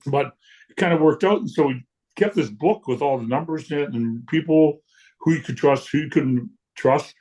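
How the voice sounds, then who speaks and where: A man, a guest telling stories in casual chat, lively and blunt, acting out what people said and swearing freely. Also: medium pitch. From Canada. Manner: lively storyteller who acts out quotes and swears freely. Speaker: guest punk musician. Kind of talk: casual storytelling.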